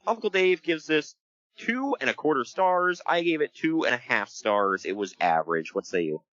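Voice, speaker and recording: Jokey male podcast co-host, lively and bright, dull dry close mic. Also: fairly high pitch. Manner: animated, jokey, does quick voices for quotes. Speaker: podcast co-host recapping wrestling. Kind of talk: casual chat. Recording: dull lo-fi sound.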